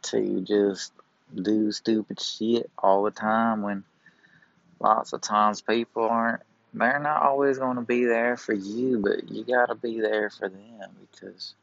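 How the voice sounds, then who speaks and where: Guy doing a southern drawl, low gravelly voice, super slow, swears a lot, muffled phone sound. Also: level tone, a bit bright, dry recording. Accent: put-on Southern US. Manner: laid-back, swearing, laughing at himself. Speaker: podcast host. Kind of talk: rambling casual monologue. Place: in a big-box store.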